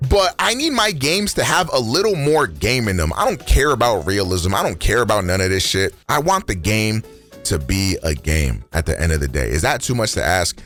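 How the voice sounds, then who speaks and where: A man's voice: lowish voice, big pitch swings, moderate pace, fairly bright tone, faint music behind. A young man with a profane, slangy, rambling delivery, doing a comedic rant about video games on a studio microphone. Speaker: gaming YouTuber. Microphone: studio dynamic microphone.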